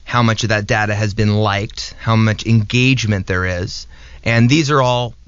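Steady explaining man. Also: lowish voice, moderate pace, clean tone, no room sound. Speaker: guest knife maker. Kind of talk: casual explanation. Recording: dull lo-fi dry recording.

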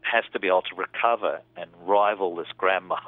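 A man's voice: deep voice, fairly quick, no echo. A man, a film director, talking about his film in a casual interview, thoughtful and rambling with restarts. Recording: tinny phone line.

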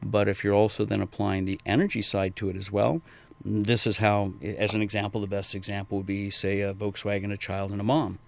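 Middle-aged male trainer, gravelly low voice, loose and meandering in interview. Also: completely flat delivery, a little fast. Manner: rambling, acts out quoted people in high voices. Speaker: martial arts and fitness trainer. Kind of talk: casual interview answers.

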